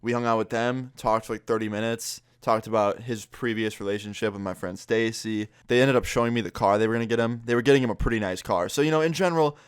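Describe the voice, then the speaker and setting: A man's voice: on the low side, fast talker, hardly any pauses, smooth, dry recording, studio quality. A young man recounting a prank story in a casual vlog, laid-back, swearing freely and laughing as he goes. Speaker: YouTuber.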